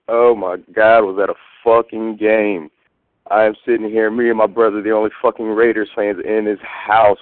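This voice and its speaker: Brief: male caller, thrilled and foul-mouthed, slightly low voice, phone-line sound. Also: no room sound. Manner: excited, swearing constantly. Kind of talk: phoned-in voicemail to a fan show.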